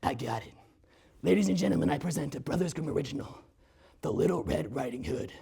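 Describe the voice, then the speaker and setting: A young man playing a gruff, bossy older storyteller who speaks in low, clipped commands. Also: animated, fast, warm tone, heavily acted. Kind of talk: solo comedy performance.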